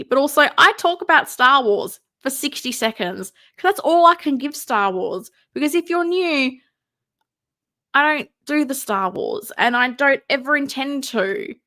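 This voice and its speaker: A woman's voice: high voice, very animated, unhurried, pushed and bright. An Australian woman hosting a casual livestream, tired and rambling, with a wry, mumbly way of talking. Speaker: host of a figure collecting livestream.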